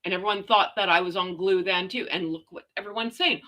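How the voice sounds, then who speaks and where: Woman host, casual sarcastic rant, bright forceful tone, gossip stream. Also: medium pitch, fairly quick. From Canada. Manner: sarcastic, ranting, animated. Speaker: royal gossip livestream host. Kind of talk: casual chat reading viewer comments.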